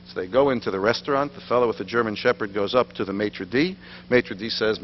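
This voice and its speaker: A man's voice: mid-range voice, fast. A middle-aged man, giving a lecture full of anecdotes and self-deprecating humor in a synagogue hall. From New York, USA. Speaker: guest lecturer. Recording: dull lo-fi recording with faint hum.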